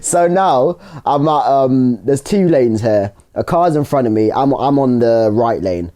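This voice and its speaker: A young man, co-hosting a casual podcast and acting out a road story with lively retold lines. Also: medium pitch, a little slow. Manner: animated storytelling, acts out his own lines. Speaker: podcast co-host. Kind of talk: casual chat.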